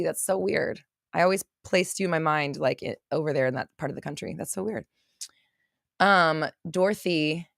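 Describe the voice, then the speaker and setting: A woman's voice: sits low, a bit bright, no room sound, studio quality. A woman from California, a mindset coach hosting a casual livestream. She chats and rambles as she reads viewer comments, often laughing and gasping. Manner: chatty, rambling, quick to laugh and gasp.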